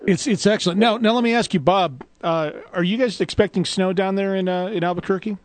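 Male radio host, a touch higher than most men; playful, teasing, laughs easily; dry close studio mic. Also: brisk, no echo. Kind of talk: casual call-in radio banter.

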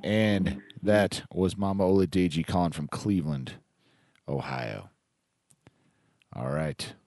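A man's voice: deep voice, slow, vocal fry, darkish tone, no room sound, studio quality. A man hosting a call-in show, bantering playfully with callers and laughing often. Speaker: radio host. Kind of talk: casual call-in chat.

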